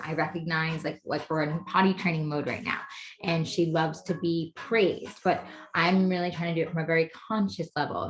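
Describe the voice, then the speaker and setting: A woman in her thirties talking casually about parenting, rambling with many fillers. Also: fairly low pitch. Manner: rambling, heavy on "you know" fillers. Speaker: guest mother. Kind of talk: casual conversation.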